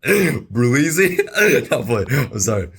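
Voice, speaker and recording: A young man giving casual reaction commentary, excitable and rambling, with slangy exclamations, recorded on an earbud mic. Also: mid-range voice, measured pace, creaky, husky. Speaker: reaction video host. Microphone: wireless earbud mic.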